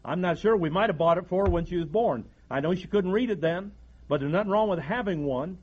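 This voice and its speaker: A man's voice: high voice, a little fast, breathy edge, highs cut off. A man, preaching a folksy sermon from the pulpit and often restarting his sentences. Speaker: pastor.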